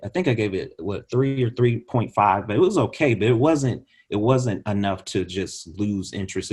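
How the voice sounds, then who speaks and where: A man co-hosting a podcast, talking casually about a movie and acting out his own reactions. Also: low-pitched. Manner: relaxed, storytelling, acts out his own reactions. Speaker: podcast co-host.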